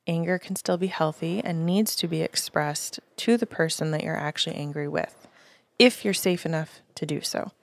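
A woman's voice: lowish voice, vocal fry, no room sound. A woman cohost in casual podcast chat, blunt and swearing casually.

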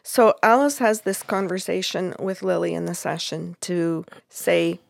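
Gravelly-voiced woman telling a story. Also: fairly low pitch, measured pace, no room sound, studio quality. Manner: recounts at length, acting out what people said. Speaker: medium recounting a reading. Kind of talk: conversational storytelling.

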